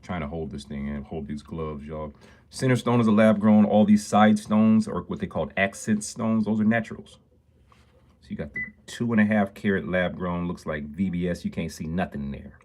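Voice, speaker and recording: A jeweler with a low, slightly mellow voice chats at a moderate pace with viewers on a phone livestream from his shop. He's talkative and upbeat and greets viewers often.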